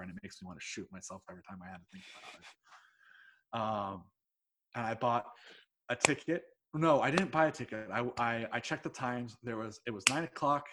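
A man who teaches English telling a personal story in a rambling, excitable way, swearing freely and laughing mid-sentence. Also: fairly low pitch. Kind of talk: casual anecdote telling.

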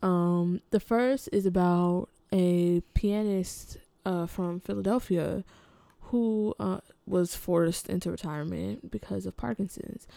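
Gravelly-voiced woman chatting on a podcast. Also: fairly low pitch, slow, no room sound. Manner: relaxed, chatty, hesitant with many fillers. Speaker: podcast co-host. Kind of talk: casual podcast chat.

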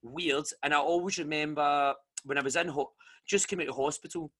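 Telling a lively story during a casual chat, a Scottish man imitates the voices of the people he quotes. His voice sits on the high side and is slightly rough, and he talks a little fast.

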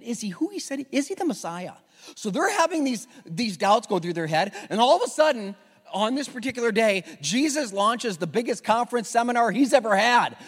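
A high-voiced man preaches to his congregation and acts out every scene, trading voices between characters. He stumbles into quick restarts as he goes, and his pitch swoops widely. His voice carries a long reverb from a big hall. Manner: animated storytelling, acting out dialogue; frequent stammered restarts. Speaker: pastor. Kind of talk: sermon.

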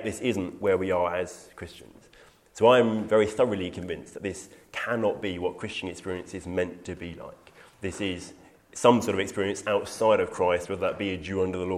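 A man teaching through a Bible passage in an earnest, emphatic way, quoting scripture and taking questions. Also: deep voice. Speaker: preacher.

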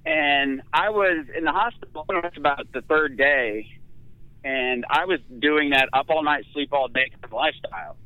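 A man's voice: on the high side, normal speed, dry recording, narrow, tinny audio. Man telling a story over the phone. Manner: candid, self-mocking storyteller. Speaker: guest. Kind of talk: storytelling in casual conversation.

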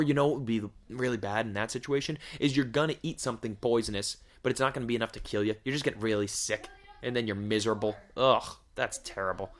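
A man riffs casually on his podcast in a crude, joking way. He swears constantly and keeps asking rhetorical questions as he rambles. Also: medium pitch. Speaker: podcast host. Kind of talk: casual comedic podcast monologue.

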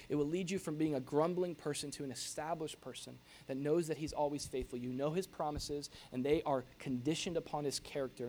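A middle-aged pastor preaching a sermon in an animated, jokey way, acting out grumbling noises. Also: male voice, on the high side, a little hiss or hum.

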